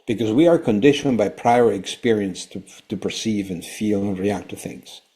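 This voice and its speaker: A man, a company founder, explaining ideas on a conversational podcast in an emphatic way that turns louder when he gets excited. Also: lowish voice, normal speed, husky.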